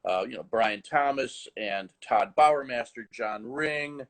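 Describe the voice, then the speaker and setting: A man who teaches the horn, telling stories in animated conversation with frequent restarts over a video call. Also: mid-range voice, unhurried, low-quality recording. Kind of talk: conversational storytelling.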